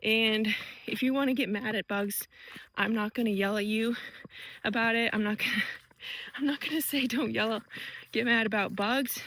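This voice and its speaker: A woman talking to her viewers while fast walking outdoors on a wooded trail, out of breath, chatty and reflective. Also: on the high side, fairly even intonation, fairly bright tone, rough recording. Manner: chatty, reflective, laughs easily. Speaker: vlogger. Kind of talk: walking vlog musing.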